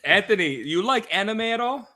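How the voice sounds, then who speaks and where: A man with a fairly high, bright voice who teases his friends and breaks into laughter easily. He sounds playful and chatty. The talk is relaxed and unscripted, like friends chatting online. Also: normal speed, a little hiss or hum. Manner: giggly, teasing, laughs often. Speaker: podcast panelist. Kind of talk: casual group chat.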